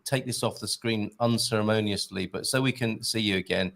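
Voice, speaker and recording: A man co-hosting a casual online show, giving warm praise with stumbling restarts. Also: on the low side, fairly quick, vocal fry. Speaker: co-host. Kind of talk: casual livestream chat.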